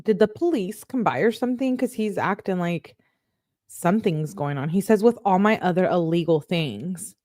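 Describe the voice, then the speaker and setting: A woman reading text messages aloud as a true crime YouTuber, quickly, with sarcastic asides. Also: on the low side, lively intonation, darkish tone, dry recording, clean studio sound. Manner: quick, sarcastic asides between read-out texts.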